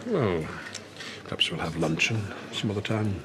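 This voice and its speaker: An actor doing a stiff, pompous gentleman in a TV soap, formal and fussy in his phrasing. His low voice rises and falls a lot. The audio carries a clear hiss of noise. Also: animated, moderate pace, natural voice. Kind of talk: television soap acting.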